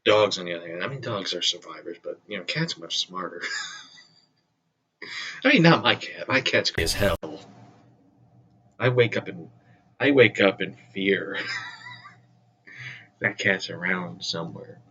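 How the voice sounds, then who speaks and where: A man's voice: deep voice, a little slow, pauses often, pushed and bright, dry recording, lo-fi sound. A man rambling casually through news and geek topics, loose and profane, with frequent restarts. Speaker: vlogger.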